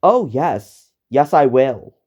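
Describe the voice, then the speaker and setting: A young man voicing a furious young male hero who yells his grievances, in an amateur fan story reading. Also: mid-range voice, big pitch swings, slow pace, husky, muffled recording, heavily acted. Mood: cold. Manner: angry, yelling.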